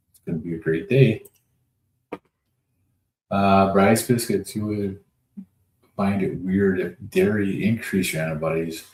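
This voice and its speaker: Low voiced guy rambling on a livestream, laid back folksy talk, echoey room. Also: gravelly, a little mellow. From North Dakota. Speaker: livestream host. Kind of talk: casual livestream chat reading comments. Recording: echoey room with faint noise.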